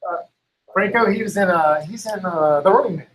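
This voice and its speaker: High-pitched and brisk, this man chats casually over crowd noise on poor audio. He rambles, leaning hard on "like" and "you know," and acts out other people's lines as quotes.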